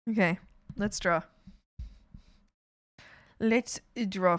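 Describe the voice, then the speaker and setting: A woman's voice: fairly low pitch, slow, pauses often, clear, resonant tone, dry recording. A woman streamer chatting casually with her viewers while she draws, giggling often and teasing them playfully. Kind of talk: casual live-stream chat while drawing.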